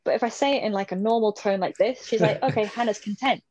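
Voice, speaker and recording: A woman in her thirties chats easily as a podcast guest, laughing often. Her voice sits at a middle pitch. The sound is slightly dull and dry, with no room around it. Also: fast talker, warm tone, no echo. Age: 30s. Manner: chatty, laughs often, acts out her dog's thoughts. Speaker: interview guest, swimmer. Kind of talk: casual interview chat.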